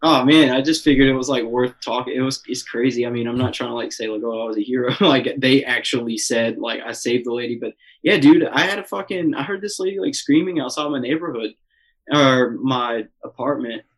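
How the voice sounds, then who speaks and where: Young man, casual storyteller, sweary, mid-pitched, talks in bursts with lots of fillers. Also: brisk, poor audio. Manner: excited, swears a lot, many fillers. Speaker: guest telling a story.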